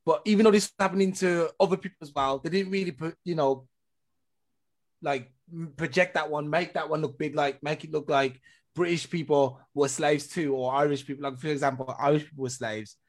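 Slightly high-voiced man, halting. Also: fairly even intonation. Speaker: discussion participant. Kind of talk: casual group discussion.

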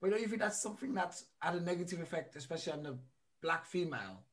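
A man's voice: fairly high pitch, lively intonation, fast. A man from England, chatting in a laid-back way. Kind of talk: casual chat.

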